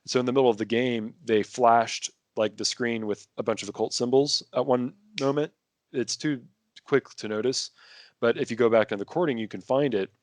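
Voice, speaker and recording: As a podcast guest, a man talks casually in conversation, rambling with lots of restarts and fillers. His medium-pitched voice has fairly even intonation and normal speed, with no echo.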